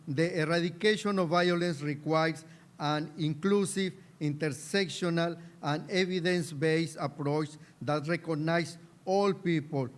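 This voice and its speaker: Man reading a formal speech very slowly. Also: a little high. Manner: slow, deliberate reading. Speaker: embassy representative giving a speech.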